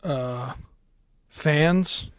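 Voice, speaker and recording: A man playing a slow, dutiful bruiser. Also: on the high side, clean tone, no room sound, studio quality. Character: slow, dim male swamp ball bruiser, obedient.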